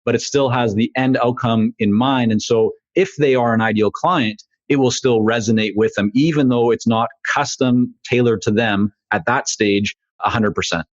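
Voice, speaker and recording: A man hosting a podcast interview, speaking in a measured, affirming way. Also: mid-range voice, steady tone, no echo. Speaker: podcast host. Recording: dull, dry lo-fi sound.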